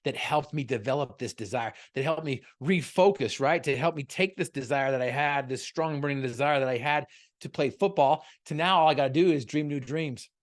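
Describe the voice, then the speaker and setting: A man's voice: medium pitch, brisk. A man giving a motivational talk over a video call, telling a story and firing off repeated rhetorical questions. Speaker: motivational speaker guest.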